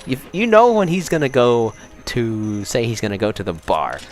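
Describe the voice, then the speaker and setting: Lively, chatty young man playing a game. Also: mid-range voice, normal speed. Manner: excitable, chatty, rambling with restarts. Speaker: let's play host. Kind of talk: casual gameplay commentary.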